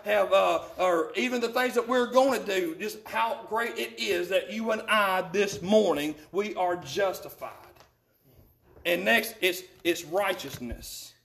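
A man preaching a sermon as pastor in a church, reading scripture verses slowly and deliberately and repeating his phrases. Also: high voice, gravelly, fairly bright tone.

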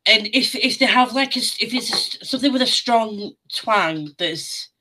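A woman from the UK co-hosting a podcast, chatting in a lively way and swearing casually. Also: on the high side, moderate pace, poor audio. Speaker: podcast co-host. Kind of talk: casual chat.

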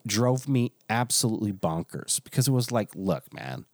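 A man's voice: medium pitch, moderate pace, dry recording, studio quality. A man who is a pastor, telling a story in casual chat with restarts and frequent chuckles.

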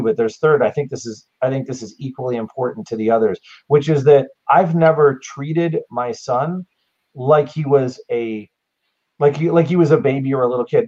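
A man's voice: mid-range voice, darkish tone, breathy edge, highs cut off. A man talking earnestly and reflectively in a casual podcast conversation, laying out his thoughts point by point. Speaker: guest.

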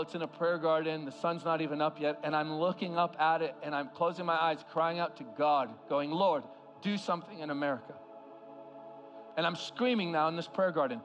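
A man preaching an impassioned sermon as a guest speaker, swinging from loud cries to hushed words. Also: a little high. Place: large church hall.

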